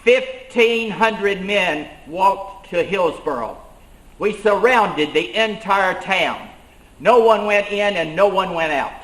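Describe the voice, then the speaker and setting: A man's voice: sits high, slow pace, a bit bright. A man playing an 18th-century colonial schoolmaster turned rebel leader, telling his story in first person with earnest emphasis. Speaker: living-history reenactor. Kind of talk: first-person historical reenactment monologue. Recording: roomy echo.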